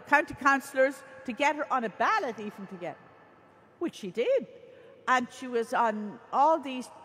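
A woman's voice: sits high, a bit bright, slightly rough. A woman religious sister, giving an earnest storytelling sermon. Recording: reverberant hall.

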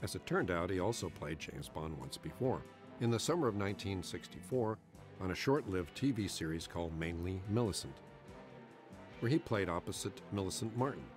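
A man presenting an archive clip, measured and formal. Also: low voice, expressive, over music. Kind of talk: scripted introduction.

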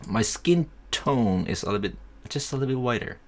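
A young man casually talking through a software tutorial, thinking aloud as he works. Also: mid-range voice, expressive, fairly quick. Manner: easygoing, thinking aloud while working. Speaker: tutorial host.

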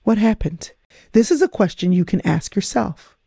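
A woman's voice: medium pitch, big pitch swings, moderate pace, vocal fry, warm tone, breathy edge, no room sound, studio quality. A middle-aged woman hosting a podcast, coaching her listeners with emphatic, repetitive phrasing. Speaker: podcast host. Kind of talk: motivational talk.

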